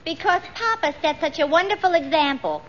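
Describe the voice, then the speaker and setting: Tart barmaid, high deadpan voice, 1940s radio comedy, muffled old broadcast. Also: female voice, fairly quick, slight background noise. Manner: deadpan wisecracks. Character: sharp-tongued young barmaid.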